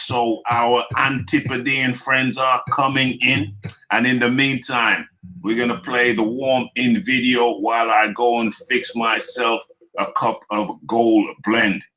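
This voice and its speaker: This boxing talk show host is a British man from the United Kingdom with a medium-pitched, pushed and bright voice. On his live stream he keeps the chat loose and repetitive, joking, teasing viewers, laughing often and repeating phrases.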